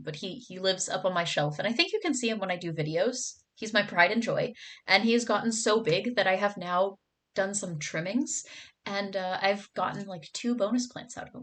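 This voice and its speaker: A young woman streams and chats casually with her viewers, reading their comments aloud in a bubbly, gushing way, full of "like" and "oh my god." Her voice is mid-range with a fairly bright tone.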